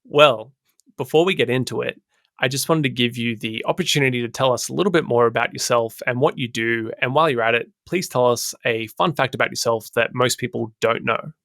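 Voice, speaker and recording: A man hosting a podcast interview, friendly and quick to laugh. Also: mid-range voice, creaky, a bit bright, no echo, studio quality. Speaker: podcast host.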